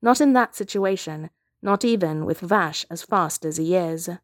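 A woman narrating a story aloud, steady and measured. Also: on the low side, no room sound, clean studio sound. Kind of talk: reading fan fiction aloud.

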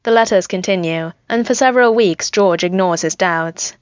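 A woman's voice: medium pitch, moderate pace, dry recording. Woman reading a story, lo-fi. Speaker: narrator. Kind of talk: scripted narration of fan fiction.

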